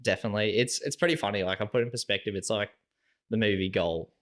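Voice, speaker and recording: Speaking fast in a fairly low voice, a young Australian man on a podcast tells stories in a casual chat. He acts out what people said with relaxed energy, and "like" turns up in nearly every sentence.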